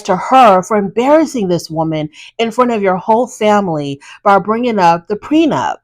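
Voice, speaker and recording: A woman's voice: medium pitch, lively intonation, moderate pace, hardly any pauses. A woman hosting a casual reality TV recap, talking bluntly and sassily to the people on the show. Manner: blunt, sassy, talks straight to the people on screen.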